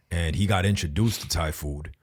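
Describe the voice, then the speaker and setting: A man's voice: sits low, normal speed, husky. A man hosting a podcast, talking in a laid-back, slangy way in casual conversation. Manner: laid-back slangy talk with frequent laughs.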